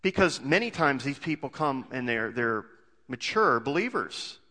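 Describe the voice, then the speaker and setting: A man's voice: medium pitch, big pitch swings, measured pace, bright, forceful tone, big-room sound. A male pastor preaching a sermon in a conversational way, full of rhetorical questions and homely jokes.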